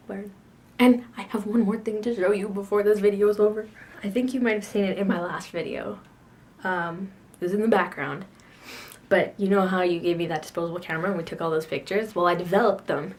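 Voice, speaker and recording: A teenage girl in a casual video blog, sassy and self-mocking, rambling about her day with frequent laughs. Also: medium pitch. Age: teens. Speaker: video blogger. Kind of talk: casual chat to camera.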